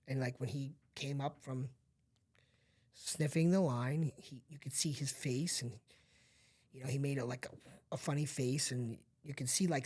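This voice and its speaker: A man's voice: mid-range voice, breathy edge. Middle-aged man, podcast guest, mid-range voice, candid confiding storytelling, frequent asides to the listener. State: emotional at times.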